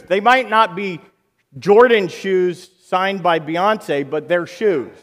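A man preaching a sermon in an animated way, acting out quoted voices and rising to loud bursts. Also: high-pitched, takes it slowly, long reverb tail.

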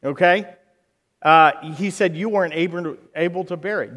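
A man preaching a sermon in an animated way, acting out quoted voices and rising to loud bursts. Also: sits high, moderate pace, long reverb tail.

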